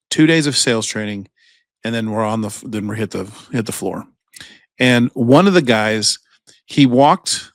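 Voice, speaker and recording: A man co-hosting a podcast, telling a long, profane workplace anecdote in a casual, animated way. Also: mid-range voice, dry recording. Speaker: podcast co-host. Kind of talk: casual storytelling chat.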